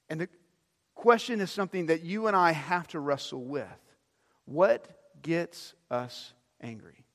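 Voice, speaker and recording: A middle-aged male pastor preaching a sermon, swinging between loud emphasis and quiet, drawn-out asides. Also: a little high, animated. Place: church sanctuary. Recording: long reverb of a church hall.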